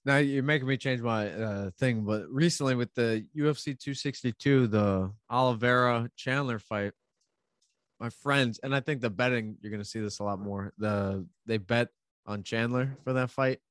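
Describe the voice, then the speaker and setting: A man's voice: mid-range voice, moderate pace, a bit bright, no room sound. A man co-hosting a casual podcast chat, telling stories in a profane, rambling way. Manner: profane, storytelling with rambling restarts. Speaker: podcast co-host covering MMA betting.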